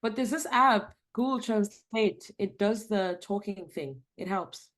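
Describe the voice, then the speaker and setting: A woman's voice: medium pitch, unhurried. A woman from South Africa, a dance podcast guest, telling stories in casual chat and acting out quotes. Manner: animated storytelling with acted quotes.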